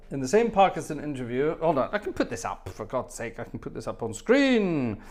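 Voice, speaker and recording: A man from Scotland, hosting an organ livestream, chatting casually and telling anecdotes while reading viewer comments. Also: mid-range voice.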